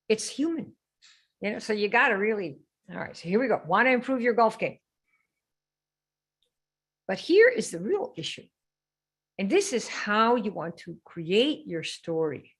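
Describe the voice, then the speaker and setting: A woman's voice: mid-range voice, lively intonation, moderate pace, pauses often, slightly rough. A woman hosting a live sales training stream, brash and teasing as she quizzes her viewers. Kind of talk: lively live-stream coaching.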